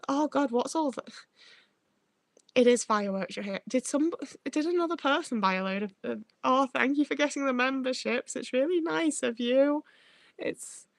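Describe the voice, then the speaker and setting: A woman's voice: fairly high pitch, no echo. A woman livestreaming who reads out chat as she goes. She rambles, swears freely and trips over her own words.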